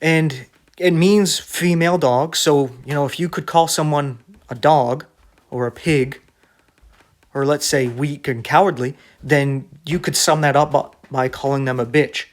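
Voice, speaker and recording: A man's voice: on the high side, steady tone, measured pace. Blunt, conversational male preacher. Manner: conversational, keeps asking "right?"; blunt, argumentative. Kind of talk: casual preaching to camera.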